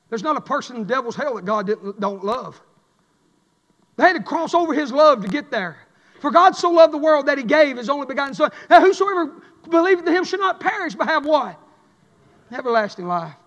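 A man preaching a fiery sermon, chanting and swinging between shouted lines and a low drawl. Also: highs cut off. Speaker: pastor. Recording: echoey church hall.

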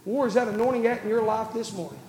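A pastor preaching a sermon, telling stories and building to urgent appeals. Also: male voice, high-pitched, quick pace, a little mellow, in a large hall, slight background noise.

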